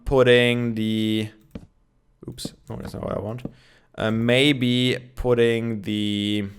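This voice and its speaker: A man's voice: mid-range voice, a bit bright, smooth. A young man giving casual gameplay commentary, chatting and thinking aloud with many fillers, with his morning voice. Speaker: Minecraft let's player.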